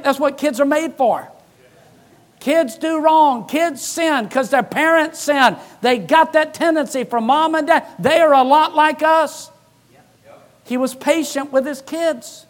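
A man preaching a sermon from the pulpit, his voice sitting unusually high. He drives his points home through emphatic repetition and lightens them with humor. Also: measured pace. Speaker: pastor.

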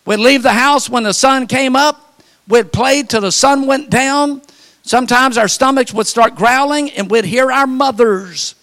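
An older man preaching a sermon, telling folksy stories and building to fervent, shouted appeals. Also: extremely high pitch, measured pace. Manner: fervent, rising to shouted calls; folksy storytelling with repeated phrases.

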